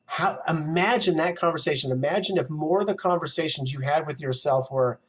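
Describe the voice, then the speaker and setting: A man coaching in a casual, animated motivational talk, now and then acting out his own inner voice. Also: a little high, moderate pace, hardly any pauses. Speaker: success mindset coach.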